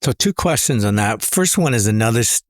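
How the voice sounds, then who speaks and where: A man hosting a podcast interview, asking questions in a thoughtful, measured way. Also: medium pitch, animated, no room sound, studio quality. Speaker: podcast host.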